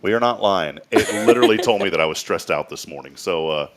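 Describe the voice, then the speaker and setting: A man's voice: deep voice, animated, fast. A man hosting a morning talk show, teasing his guests and laughing often. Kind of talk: joking studio chat.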